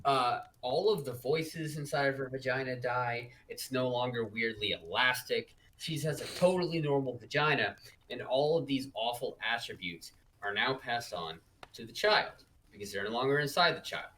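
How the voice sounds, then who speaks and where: A man's voice: mid-range voice, moderate pace, pushed and bright, a little hiss or hum, rough recording. A man co-hosting a casual book-review podcast, wry and incredulous. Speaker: podcast co-host.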